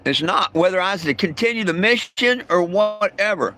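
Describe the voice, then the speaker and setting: Profane man with a high, bright voice. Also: animated, moderate pace. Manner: blunt and profane, stammering restarts, irritable. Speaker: vlogger livestreaming to viewers. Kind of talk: casual livestream rant.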